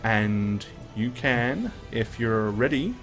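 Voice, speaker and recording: A man's voice: on the low side, takes it slowly, faint music behind. Laid-back male game master. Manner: relaxed, hesitant with fillers. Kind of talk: narrating a tabletop game.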